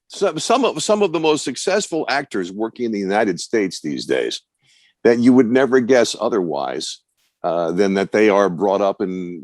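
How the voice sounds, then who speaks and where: A man's voice: deep voice, no room sound. An older man coaching broadcasters, giving confident, wry advice in an online question-and-answer session over a video call. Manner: confident, wry, lively storytelling. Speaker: broadcast coach and guest speaker.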